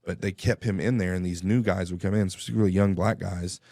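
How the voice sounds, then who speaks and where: A man's voice: deep voice, fairly even intonation, fast talker, darkish tone, no echo, studio quality. A man telling a personal story on a radio show in a casual, rambling way. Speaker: guest. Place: radio studio.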